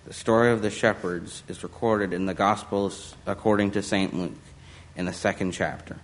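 A man's voice: low-pitched, steady tone, normal speed. A man giving an earnest call to worship during a church service. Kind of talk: liturgical address.

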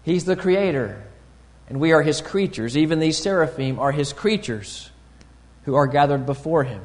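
Measured preacher in a reverberant hall. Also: male voice, on the high side, lively intonation, a little mellow. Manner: deliberate, teaching tone with pauses and fillers. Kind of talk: sermon.

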